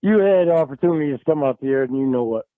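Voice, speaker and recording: A man's voice: mid-range voice, lively intonation, quick pace, smooth, no echo. A man arguing angrily and swearing on a recorded phone call. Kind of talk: heated phone argument. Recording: tinny phone-line recording.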